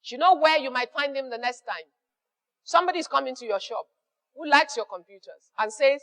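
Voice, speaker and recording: A woman's voice: sits high, fairly quick, a bit bright, big-room sound. A woman with a Nigerian accent giving emphatic business advice as a mentor, repeating key phrases and acting out little exchanges with customers. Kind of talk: motivational business advice talk.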